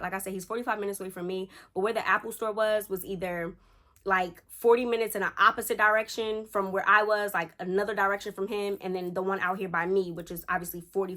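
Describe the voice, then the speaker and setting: A young woman, chatting at home as a storytime vlogger and acting out the quotes of people in her story. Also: medium pitch. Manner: chatty and animated, acts out quotes. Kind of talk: casual storytime chat.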